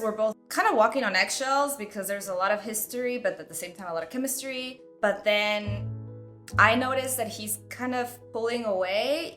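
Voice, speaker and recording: A woman hosting a self-development video tells a personal story, candid and chatty, saying "like" constantly. Her voice is fairly high-pitched and a bit bright.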